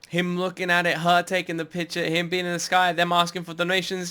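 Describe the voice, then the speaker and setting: A man hosting an anime reaction, chatting casually, excitable and swearing now and then. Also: sits high, fairly quick, hardly any pauses, clear, resonant tone.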